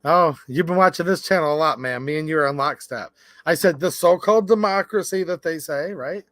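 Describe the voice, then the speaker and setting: A man hosting a casual live stream, chatting and reading viewer comments aloud in an animated way. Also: a little high, a little fast, no echo. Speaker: livestream host. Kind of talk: casual livestream chat.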